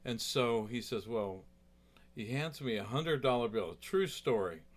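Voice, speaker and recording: A man who plays guitar tells a story in a loose, chatty way. His voice sits at an ordinary middle pitch, and he drifts through fillers and asides as he goes. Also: lively intonation, moderate pace. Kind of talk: casual storytelling.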